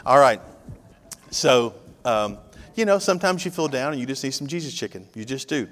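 A man's voice: medium pitch, expressive, moderate pace, a bit bright. A man preaching a sermon as pastor, conversational and joking with his congregation. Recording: long hall reverb.

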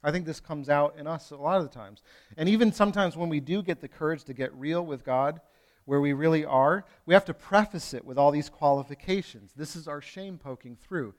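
A pastor delivering a sermon in a conversational way, moving from loud emphasis to hushed lines, with playful asides to the congregation. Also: male voice, a little high, fairly quick. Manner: conversational preaching with wide swings from loud to hushed.

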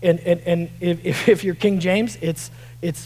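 Man, pastor, high voice, emphatic sermon, loud then soft, repeats words. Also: fairly even intonation, unhurried, rough recording. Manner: emphatic preaching, voice rising to shouts then dropping low; repeats words and restarts while reading scripture.

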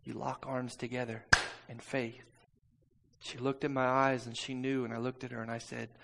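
A man preaching a sermon and telling a personal story, swinging between soft, intimate passages and loud, urgent ones. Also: medium pitch, flat delivery, normal speed, creaky, very noisy.

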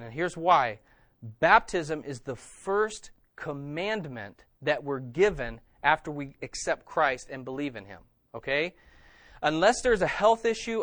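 In clean studio sound with no echo, a man with a fairly high, slightly bright voice delivers a sermon in a chatty style. As a pastor, he keeps checking in with his audience, frequently asking "okay?"

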